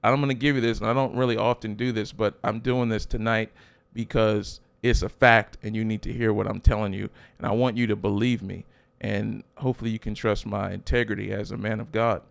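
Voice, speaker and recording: A man's voice: on the low side, flat delivery, a little fast, creaky. A man preaching a sermon as a pastor, emphatic, with rhetorical questions and repeated phrases.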